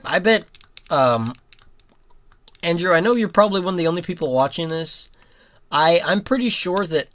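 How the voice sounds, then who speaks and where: A young adult giving rambling let's-play commentary, breaking into giggles and sudden loud outbursts at the game. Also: medium pitch. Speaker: gaming commentator.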